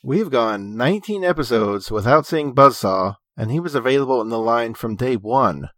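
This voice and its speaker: A man co-hosting a podcast, recapping episodes in a steady, informative way with dry humor. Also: medium pitch, normal speed, no room sound. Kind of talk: casual recap narration.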